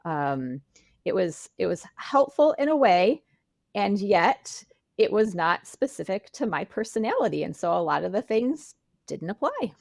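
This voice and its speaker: Woman guest, reflective, mid pitch, dry mic. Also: big pitch swings, measured pace, gravelly, darkish tone, no room sound. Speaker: podcast guest, mother. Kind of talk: casual conversation.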